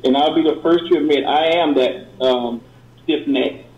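A middle-aged man calling in to a radio show, giving an earnest, halting testimony with many repeated words. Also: a little high, muffled recording. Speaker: caller. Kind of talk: call-in testimony. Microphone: phone call. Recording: roomy call-in line.

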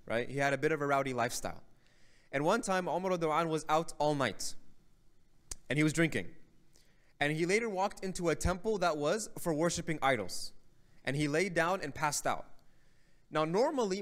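Man telling a religious story, conversational. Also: a little high. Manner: conversational storytelling with frequent "right?". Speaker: lecturer. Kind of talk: religious lecture. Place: mosque hall.

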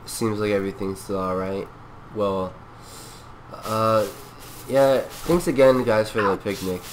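Lower-voiced man, goofy game commentary. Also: measured pace, noisy background. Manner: playful, rambling, mock-serious speeches. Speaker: gameplay video creator. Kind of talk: goofy in-character gameplay commentary.

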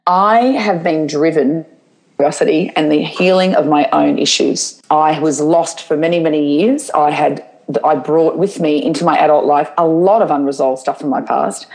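A woman's voice: sits low, steady tone, moderate pace, vocal fry, darkish tone, low-quality recording. A middle-aged woman, a guest speaker, answering interview questions candidly and telling stories with frequent restarts. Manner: open, storytelling, restarts her sentences.

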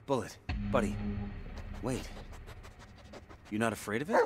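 A weary, stubborn man, voiced by an actor in a horror video game, terse and sharp with his tormentor yet soft with his dog. His mid-range voice moves around a lot. Loud game music plays beneath him. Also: mid-range voice, animated, a little slow, close to an everyday voice. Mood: tender. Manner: curt, irritated, gentle toward his dog. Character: weary grown man on a grim search, gruff, stubborn.

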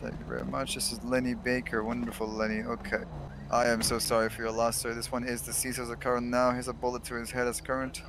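A man's voice: mid-range voice, little pitch movement, fast talker, creaky, background noise. A man role-playing a paramedic in a game, talking in stiff, formal medical jargon. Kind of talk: in-character game role-play.

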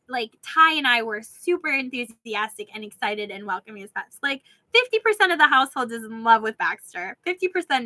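A woman with a high, bright voice tells a rambling personal story straight to camera. She talks in a chatty, filler-heavy way and keeps breaking into laughter. The close mic gives a dry sound. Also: dry recording, rough recording. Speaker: vlogger. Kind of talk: casual storytelling rant.

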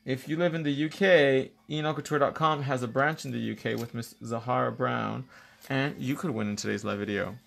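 A man's voice: medium pitch, fairly even intonation, a little fast, vocal fry, fairly bright tone. A man hosting a live nail tutorial, explaining each step while bantering playfully with a co-host and viewers and slipping in the odd bit of Spanish.

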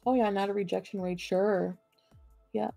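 A woman's voice: medium pitch, steady tone, moderate pace, gravelly, warm tone, faint music behind. A woman streaming from home, ranting at her chat in a profane, combative and sarcastic way. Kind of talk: livestream rant at chat.

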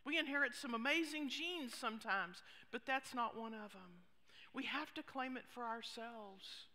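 A woman pastor preaching a sermon, expressive, with hushed asides. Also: on the high side, normal speed. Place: church sanctuary. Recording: long reverb of a church hall.

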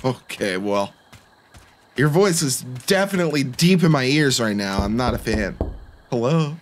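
A man's voice: medium pitch, expressive, a little slow, slight background noise. A young man giving joking, self-deprecating commentary while playing a horror game. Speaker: gaming YouTuber. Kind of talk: let's-play commentary.

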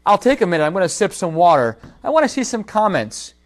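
Talking fast in a high voice, the livestream host, a holster maker, relates a lively story from his workshop. He speaks straight to the people watching in a casual, animated way.

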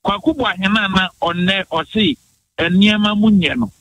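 Poor, dry audio captures a high-pitched, fairly bright male voice with a Ghanaian accent. He comes from the Bono region of Ghana and is a radio morning show guest in a heated political argument, speaking emphatically and rapid-fire while dropping in English phrases.

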